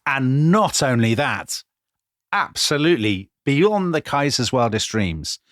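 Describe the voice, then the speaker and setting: A man, a podcast co-host, vividly retelling history in animated chat. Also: mid-range voice, takes it slowly, dry recording, clean studio sound. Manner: vivid, dramatic retelling with quoted voices.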